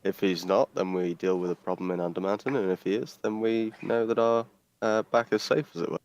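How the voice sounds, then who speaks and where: A man playing a tabletop game in a casual, hesitant way, with lots of pauses and fillers. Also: fairly low pitch, fairly even intonation, a little mellow, highs cut off. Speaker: player.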